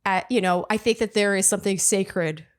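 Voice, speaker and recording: A woman hosting an advice podcast, her voice mid-pitched and easy. She weighs things up in a thoughtful, measured way but keeps a playful edge. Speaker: podcast host. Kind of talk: casual advice chat.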